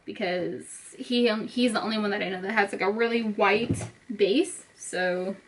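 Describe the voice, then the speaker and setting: A young woman beauty vlogger chats casually, walking viewers through her makeup step by step. Her mid-range voice has fairly even intonation and a measured pace, and the recording is low quality.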